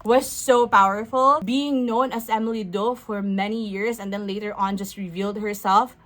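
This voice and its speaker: A woman's voice: medium pitch, steady tone, moderate pace, fairly bright tone. Gushing woman book vlogger. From Philippines. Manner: effusive, emphatic, repeats words for stress. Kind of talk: casual book review vlog.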